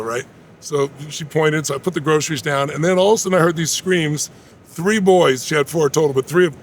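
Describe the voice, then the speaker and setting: A man in his sixties with a gravelly, rough-edged voice speaks as an interview guest. He tells his story in a rapid, emphatic rush, pitched a little higher than most men. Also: a little hiss or hum.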